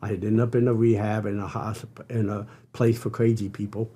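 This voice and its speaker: An older man, a podcast guest, telling an earnest personal story with halting restarts. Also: fairly low pitch, little pitch movement, dark tone, slightly rough. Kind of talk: storytelling interview.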